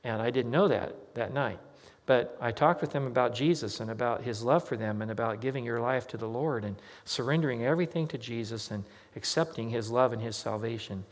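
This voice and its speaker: Storytelling pastor in a reverberant hall. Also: male voice, medium pitch, brisk. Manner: conversational, anecdotal, acts out quoted dialogue. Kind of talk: sermon with personal storytelling.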